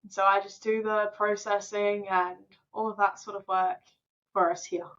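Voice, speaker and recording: Young aussie woman, really flat delivery, muffled call sound, kinda shy. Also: mid-range voice, normal speed. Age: young adult. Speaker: fundraising officer, guest. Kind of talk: casual interview.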